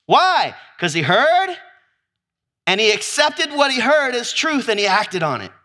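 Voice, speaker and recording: A man's voice: very high-pitched, very animated, measured pace, pushed and bright. A man preaching to a live audience, with call-and-response and exuberant whoops as he acts out scenes.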